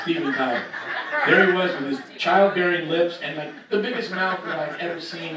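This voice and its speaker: A man spins an on-stage story with a lively, swooping voice, laughing and poking fun at himself as he goes. His voice sits a little high for a man. The room is very echoey and the mic is far away, with music in the background. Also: moderate pace, noisy background. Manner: animated, laughing, self-mocking storytelling. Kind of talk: live on-stage anecdote. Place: live venue on a cruise ship.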